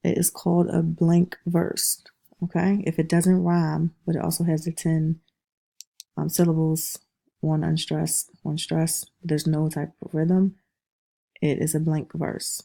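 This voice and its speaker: Here a woman delivers a classroom lecture in a dark, creaky, low voice, unhurried and fairly flat in pitch. She taps rhythms out aloud and repeatedly asks "okay?" to make sure everyone understands.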